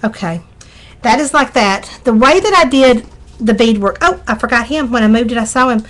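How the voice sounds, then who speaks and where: A woman's voice: fairly high pitch, animated, normal speed, a bit bright. Folksy Southern woman demonstrating crafts. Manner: chatty, folksy, talks while working. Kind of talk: live craft tutorial.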